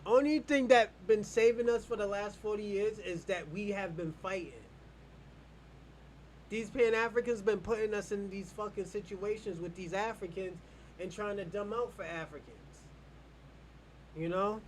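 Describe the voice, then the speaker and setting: A man's voice: high voice, normal speed, slight background noise. An American man hosting an online show, arguing bluntly and profanely in a heated live debate. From United States.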